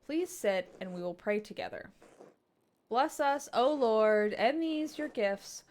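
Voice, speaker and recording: A cold, sanctimonious old abbot who speaks in stiff, measured, churchly phrases, as a woman reads his lines aloud. The delivery is slow and formal, a little higher than you'd expect for an old man. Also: animated, darkish tone. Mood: stiffly formal. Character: stern older male abbot, sanctimonious and cold.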